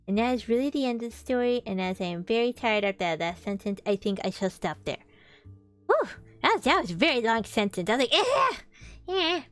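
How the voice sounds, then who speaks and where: A young woman streamer reading a storybook aloud, animated, with chatty asides to her viewers. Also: on the high side, quick pace. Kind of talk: casual read-aloud stream. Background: faint background music.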